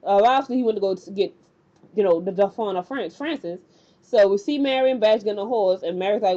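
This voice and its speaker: A woman's voice: mid-range voice, fairly quick, mellow. A woman casually recapping a TV episode, rambling and colloquial, and acting out the characters' lines as she goes. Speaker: TV recap vlogger. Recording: dull lo-fi recording.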